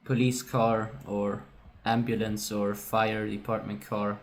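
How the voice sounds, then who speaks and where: Male producer explaining his own track at an unhurried pace, in an even and mostly level voice. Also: lowish voice, a little hiss or hum. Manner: casual and self-correcting, often says "right". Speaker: music producer. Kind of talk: screen-recorded production walkthrough.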